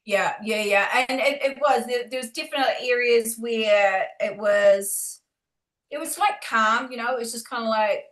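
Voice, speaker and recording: A woman, a paranormal investigator chatting casually, halting often with fillers and restarts. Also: on the high side, fairly bright tone. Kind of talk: casual chat. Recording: roomy echo.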